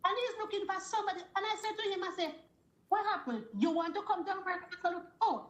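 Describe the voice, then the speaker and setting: A woman's voice: very high voice, fast, reverberant, poor audio. A woman calls in and tells her story, acting out both sides of the conversation. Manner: animated storytelling with quoted dialogue. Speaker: caller. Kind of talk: call-in story.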